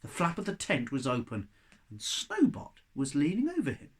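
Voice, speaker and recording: A man reading a children's chapter book aloud, his pitch rising and falling with lively expression. His delivery is animated and expressive, the way a storyteller reads to young listeners. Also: moderate pace, slight background noise.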